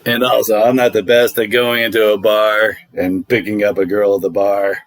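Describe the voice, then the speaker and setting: A man's voice: lowish voice, flat delivery, moderate pace. A middle-aged man hosting a casual vlog, telling dating stories in a wry, conversational way. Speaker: vlog host. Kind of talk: casual storytelling.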